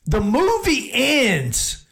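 A man's voice: very high voice, wildly swooping pitch, drawn-out words, a bit bright. An adult man hosting a sports talk show, telling a rambling story in a casual monologue with many restarts.

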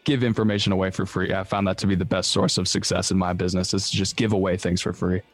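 A man's voice: deep voice, flat delivery, fast talker, faint music behind. A man from Texas, a guest on a podcast, explaining things in a friendly casual way. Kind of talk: casual interview chat.

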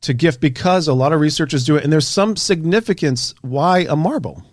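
Animated man telling a story, dry sound. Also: fairly high pitch, fairly quick, dry recording. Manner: animated anecdotal, swears casually. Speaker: author and researcher. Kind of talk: casual storytelling interview.

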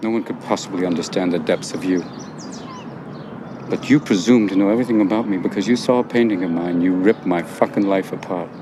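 An actor playing a wounded, furious middle-aged man who speaks low and cutting in a film scene. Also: brisk, noisy background, close to an everyday voice. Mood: bitter.

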